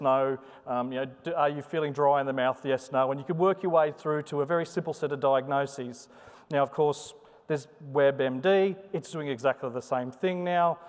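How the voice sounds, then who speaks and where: A man's voice: on the high side, clean tone. A man giving a chatty, joking conference talk in a sing-song way. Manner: chatty, joking, animated delivery. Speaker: conference presenter. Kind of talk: live conference talk with demo. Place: conference hall. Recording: long hall reverb.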